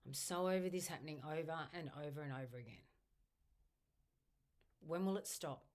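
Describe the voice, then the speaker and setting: A woman leading a guided tapping exercise, speaking slow, repetitive first-person affirmations. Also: deep voice, darkish tone. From Australia. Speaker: EFT tapping instructor. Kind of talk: guided tapping script spoken aloud.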